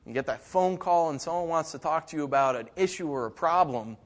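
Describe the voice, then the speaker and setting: A middle-aged man preaching a sermon, telling a childhood story with lively, animated delivery and mimicking other voices. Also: a little high, fairly quick. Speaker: pastor. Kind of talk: sermon with personal stories.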